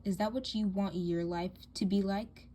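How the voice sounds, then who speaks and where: A woman's voice: mid-range voice, fairly even intonation, moderate pace, dark tone, close to an everyday voice. Woman doing a cold scheming doll-drama girl, taunting, bossy, faint hiss.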